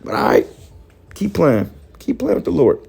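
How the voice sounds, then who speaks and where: A man giving heated, profane preaching commentary, scolding his listeners and rising to shouts. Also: a little high, huge pitch swings, moderate pace, creaky, breathy edge, soft background music. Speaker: religious commentator.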